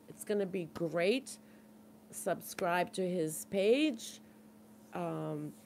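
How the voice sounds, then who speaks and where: A woman's voice: fairly low pitch, a little mellow, slight background noise. A middle-aged woman with a Boston accent hosting a support group livestream in casual, earnest chat, answering viewers' comments and urging them on. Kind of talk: casual live-stream chat.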